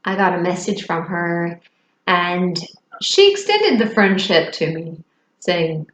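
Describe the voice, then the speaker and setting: A woman telling a personal story to the camera in a reflective, halting way, with hesitant fillers and soft laughs. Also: on the low side, animated, roomy sound, a little hiss or hum, low-quality recording. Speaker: vlogger. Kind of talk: personal confessional vlog.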